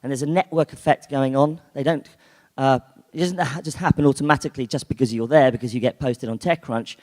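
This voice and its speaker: The long reverb of a conference hall surrounds a UK man giving a keynote talk. His voice is mid-range, brisk, and darkish, and his chatty delivery is full of fillers and restarts.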